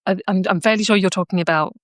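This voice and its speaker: A woman's voice: medium pitch, fast, dry recording, clean studio sound. Chatty woman hosting an art session. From southern England. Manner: chatty, laughs often, many restarts. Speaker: art club host. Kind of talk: casual chat during a live sketch-along. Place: art studio.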